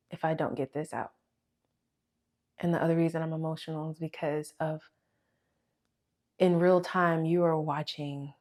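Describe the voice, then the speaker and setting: A young woman speaking to camera on her own channel, sharing a heartfelt religious testimony with sighs and pauses as she holds back tears. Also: deep voice, darkish tone. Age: young adult. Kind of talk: emotional personal testimony to camera.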